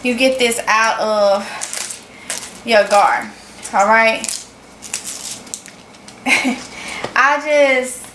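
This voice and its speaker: A woman's voice: a little high, very slow, long pauses, fairly bright tone, reverberant, a little hiss or hum, poor audio. A woman with a Mississippi Southern accent, chatting folksily to her viewers in a casual cooking vlog. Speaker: vlogger.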